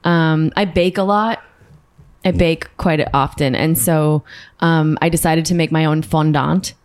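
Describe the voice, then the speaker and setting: A woman's voice: sits low, fairly even intonation, unhurried. A woman in her thirties, a guest on a comedy podcast, trading dry, sarcastic, mock-boastful banter.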